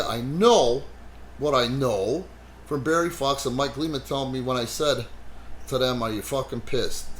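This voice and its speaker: Brash man, podcast host, swears freely, lively storyteller, slight noise under the voice. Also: medium pitch. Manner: animated, swears heavily, frequent "you know". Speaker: wrestling promoter and podcast host. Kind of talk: casual profane podcast storytelling.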